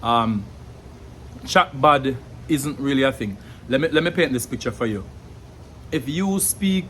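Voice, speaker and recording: Jamaican guy talking thru pronunciation, earnest, lots of pauses, bit of faint noise. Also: medium pitch, a bit bright. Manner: earnest, pausing to search for words, demonstrating sounds. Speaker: language educator. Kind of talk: explanatory monologue.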